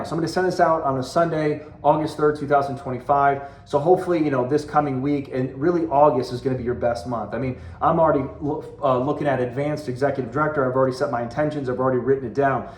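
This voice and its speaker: A man in his forties delivers a motivational talk to his sales team, earnest and conversational, driving points home by repeating them. His voice sits a little on the high side. The sound carries a noticeable roomy echo. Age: 40s. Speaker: direct sales team leader and coach.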